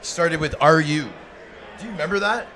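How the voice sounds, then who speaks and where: A man's voice: a little high, moderate pace, bright, forceful tone. A man hosting a podcast, chatting casually and eagerly with a guest, asking questions and agreeing often. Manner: eager, affirming, leads with questions. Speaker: podcast host. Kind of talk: casual interview chat. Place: sports bar, live taping. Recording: live bar recording with crowd noise.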